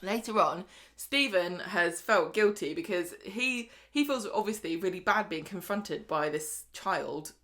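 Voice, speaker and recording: A woman's voice: lowish voice, lively intonation, unhurried, fairly bright tone. A woman co-hosting a podcast, retelling scenes chattily and slipping into voices for the characters. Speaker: podcast co-host. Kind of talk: casual recap chat.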